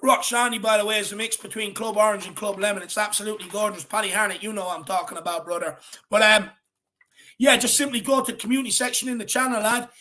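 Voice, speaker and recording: A man's voice: high-pitched, fairly even intonation, fast, bright, forceful tone. A man with an Irish accent hosting a football fan show, talking casually and energetically, calling people "my man" and "brother.".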